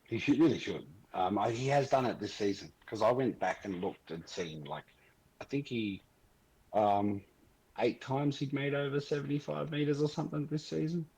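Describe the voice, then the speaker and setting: A man's voice: medium pitch, normal speed, a little mellow, slightly rough, low-quality recording. A man in a casual podcast chat, rambling through his points with many ums and hesitations.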